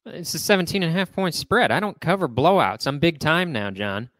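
A man's voice: a little high, lively intonation, a little fast, fairly bright tone, no echo, clean studio sound. A man co-hosting a sports podcast, bantering with a light, joking manner. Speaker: podcast co-host. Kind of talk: casual sports podcast chat.

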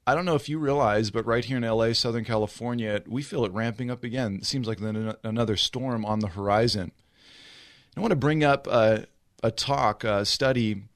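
Pastor guy preaching, acts out the story, speeds up then drags way slow, regular pitch. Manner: animated storytelling, acting out scenes; pace swings between rushed and slow. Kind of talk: sermon.

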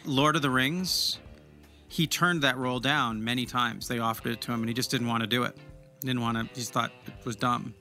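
A man hosts a relaxed podcast conversation, talking eagerly about films and actors. His voice is bright and forceful, and he often restarts sentences mid-thought. Faint music sits underneath. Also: mid-range voice, fairly quick. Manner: chatty, enthusiastic film talk with many restarts. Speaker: podcast host. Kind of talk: casual interview chat.

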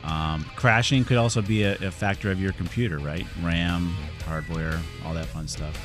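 A man's voice: low voice, fairly even intonation, normal speed, music in the background. A man hosting a call-in computer radio show, chatty and reassuring with his callers.

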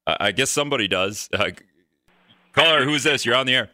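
A man's voice: mid-range voice, animated, fairly quick, pushed and bright, no room sound. A man hosting a call-in radio talk show, rambling in a joking way and acting out exasperated reactions.

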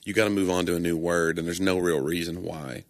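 A man's voice: deep voice, fairly even intonation, fairly quick, no room sound, studio quality. A man co-hosting a casual chat podcast, wry and joking, a little tired. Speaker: podcast co-host.

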